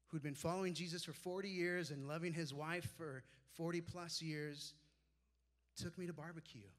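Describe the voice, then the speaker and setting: Pastor guy in his 40s preaching, slightly high voice, storytelling, goes quiet and low on quotes. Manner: personal storytelling, drops soft and low for quoted mentors. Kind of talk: sermon.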